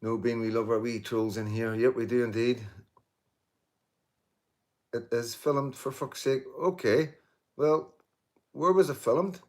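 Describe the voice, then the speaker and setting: Hosting a laid-back live stream, a man in his fifties reads viewer comments, joking and cursing along with commenters. His medium-pitched voice is steady and somewhat dark, at a measured pace with frequent pauses. He is emphatic, with lots of repetition, restarts, and "you know."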